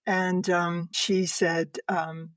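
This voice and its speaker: An older woman, a podcast guest, earnestly and emotionally telling a personal story, laughing softly between sentences. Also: fairly low pitch, level tone, drawn-out words, no echo.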